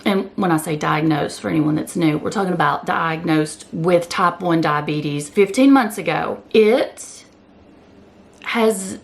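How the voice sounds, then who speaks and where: A woman's voice: mid-range voice, vocal fry. A woman talking candidly to her viewers in a personal vlog, repeating phrases for emphasis and sounding close to tears. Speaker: keto vlogger. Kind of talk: emotional personal chat to camera.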